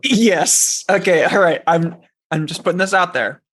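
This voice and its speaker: A man's voice: high-pitched, measured pace, fairly bright tone. A man playing a tabletop role-playing game, chatting with hesitations and amused asides. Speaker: player. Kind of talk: casual tabletop game chat.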